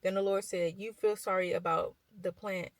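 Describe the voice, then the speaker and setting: A woman's voice: medium pitch, steady tone, normal speed, no echo, poor audio. Chatty young woman, dry close sound. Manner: chatty, full of fillers and slang. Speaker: vlogger. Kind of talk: casual retelling of a Bible story.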